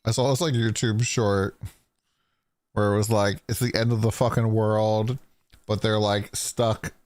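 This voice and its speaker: A man's voice: fairly low pitch, flat delivery, unhurried, darkish tone, no echo. A man streaming a game, talking loosely and casually with his chat, swearing freely as he explains his play. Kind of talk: casual livestream gameplay commentary.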